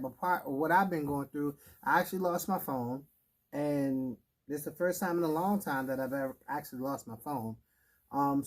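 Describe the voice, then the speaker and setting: A man's voice: fairly high pitch, darkish tone. Rambling casual man co-hosting. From Washington, D.C. area. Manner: loose and rambling, with many fillers. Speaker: podcast co-host. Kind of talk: casual chat.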